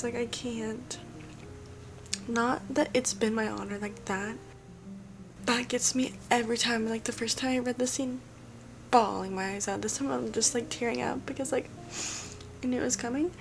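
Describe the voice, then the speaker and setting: A woman's voice: on the high side, steady tone, normal speed, vocal fry, music in the background. A woman vlogging about her reading in a casual, gushing way, rambling with lots of fillers. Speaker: book vlogger. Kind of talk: casual chat.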